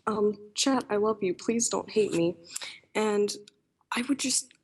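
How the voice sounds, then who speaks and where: A woman's voice: mid-range voice, a little slow, slight background noise. A woman calling in to a show, talking in a sweet, effusive and pleading way. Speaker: caller. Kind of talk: casual call-in chat.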